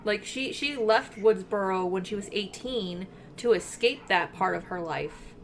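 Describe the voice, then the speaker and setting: A woman co-hosting a podcast in casual chat, talking in an animated way with lots of fillers and swearing, eating while she records. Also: mid-range voice, unhurried, a little hiss or hum. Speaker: podcast co-host.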